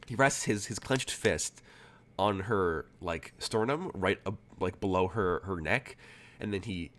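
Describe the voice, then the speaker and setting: A man's voice: deep voice, unhurried, fairly bright tone. A man narrating as game master, rambling with many fillers and restarts.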